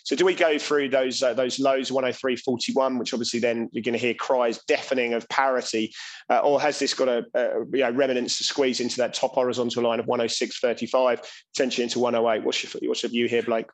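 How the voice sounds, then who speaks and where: A man co-hosting a trading show from home, talking through market charts with lots of pauses and restarts. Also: medium pitch, level tone, low-quality recording. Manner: hesitant, many ums and restarts. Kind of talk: casual market chat.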